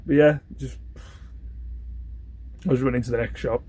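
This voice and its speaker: A man's voice: medium pitch, steady tone, normal speed, dark tone, slight background noise. A young British man, the host, telling a story in a casual, rambling way and often asking if you know what he means. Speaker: host, online reseller.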